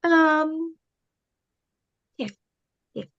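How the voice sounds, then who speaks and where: A woman's voice: sits high, drawn-out words, highs cut off. A woman playing a tabletop game, hesitant and genteel as she speaks in character. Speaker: player. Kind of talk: tabletop role-play.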